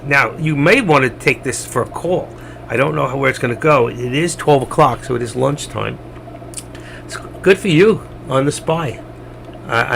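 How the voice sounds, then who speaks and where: Male streamer, gravelly and chatty, loose live trading talk, faint hiss behind. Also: medium pitch, a bit bright. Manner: chatty, rambling, addresses chat viewers directly. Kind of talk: casual live trading commentary.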